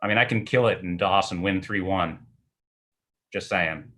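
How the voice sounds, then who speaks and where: A man's voice: sits low, moderate pace, sharp tone. A man co-hosting a live tech Q&A, chatting casually and making dry, self-mocking jokes. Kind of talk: casual live-stream banter.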